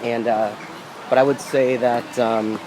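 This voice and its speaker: A man chatting casually in the open air, his talk halting and full of fillers. His voice sits at an ordinary middle pitch, and steady street and traffic noise is clear behind him. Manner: hesitant, lots of fillers. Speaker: travel companion. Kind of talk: casual chat. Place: outdoors at a castle.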